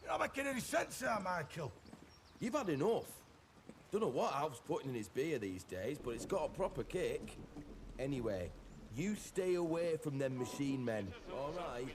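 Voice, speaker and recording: An actor playing gruff villagers in a video game, with a gravelly voice and colloquial, scolding banter. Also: male voice, a little high, big pitch swings, moderate pace, slight background noise. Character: gruff northern English villagers in a game pub. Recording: game audio with crowd murmur.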